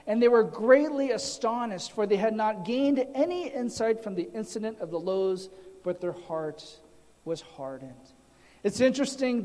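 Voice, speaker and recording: A man, a pastor, teaching a sermon in a deliberate way, his voice trailing off quietly at the ends of phrases, in a church sanctuary. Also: high voice. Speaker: pastor teaching a Bible study. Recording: long reverb of a large hall.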